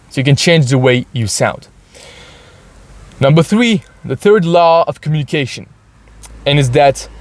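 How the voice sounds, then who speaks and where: A man's voice: on the high side, dry recording. Man talking in his car. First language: French. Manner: ends sentences with "right?", restarts often. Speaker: podcast host. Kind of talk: casual solo podcast monologue. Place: inside his parked car.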